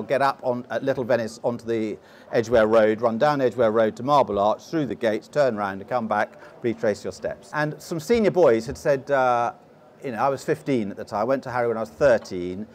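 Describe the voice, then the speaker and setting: A man's voice: medium pitch, a little fast, slight background noise. A middle-aged man with a posh English accent, telling long stories as a guest in an interview, often restarting his sentences. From England. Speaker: guest explorer. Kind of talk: storytelling interview.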